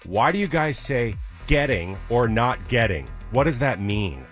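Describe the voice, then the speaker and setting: A man co-hosting a radio show, joking around in animated banter and firing off exasperated questions. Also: medium pitch, measured pace, faint music behind. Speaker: radio co-host. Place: radio studio.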